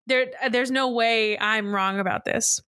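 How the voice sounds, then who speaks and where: A woman's voice: on the high side, steady tone, measured pace, sharp tone, clean tone, no room sound, clean studio sound. A young woman co-hosting a podcast, telling a story in a casual chat with her brother and laughing often as she talks. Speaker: podcast co-host.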